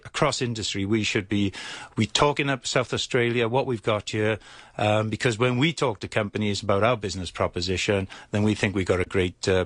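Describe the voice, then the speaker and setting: A middle-aged man with a Welsh accent, an agency chief speaking in a casual radio chat, pausing often with fillers and restarts. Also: on the low side, fairly bright tone, no room sound. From Wales. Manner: hesitant, many fillers and restarts. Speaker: investment agency CEO.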